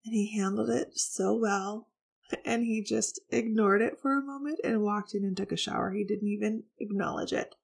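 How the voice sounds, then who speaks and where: Podcast host, woman, frank and reflective storytelling, vocal fry throughout. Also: medium pitch, darkish tone. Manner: candid, reflective, confessional. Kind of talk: personal storytelling to listeners.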